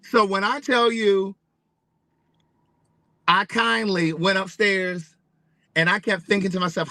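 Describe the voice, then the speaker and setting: A man telling a story in a casual, animated, profane way, repeating phrases for emphasis. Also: high voice, slow, pauses often, no room sound, low-quality recording. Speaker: vlogger.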